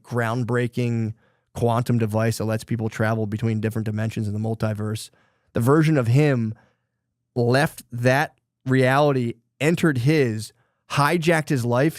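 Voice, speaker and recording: A man's voice: medium pitch, a little mellow, no room sound. Man, podcast host, casual rambling chat, cursing, dead-dry recording. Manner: loose, rambling retelling of a book plot, with profanity.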